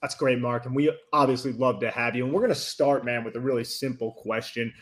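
A man's voice: medium pitch, brisk. A man co-hosts a podcast in casual chat. He talks in a dry, joking way while setting up questions. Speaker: podcast co-host.

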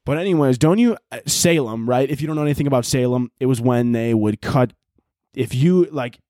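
A man hosting his own podcast in a rambling, profane comedic monologue that breaks into loud yelled bits. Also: mid-range voice, brisk, no echo, studio quality. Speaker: podcast host.

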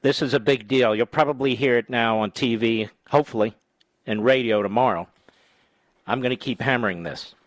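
A man hosting a political talk radio show, emphatic, jumping between loud rising outbursts and low asides into a studio microphone. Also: moderate pace, dry recording.

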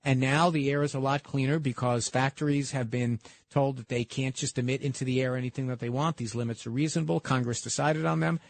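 A man's voice: mid-range voice, fairly even intonation, fairly quick, vocal fry, dry recording. A man co-hosting a radio talk show, explaining his points earnestly with frequent restarts. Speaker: radio co-host.

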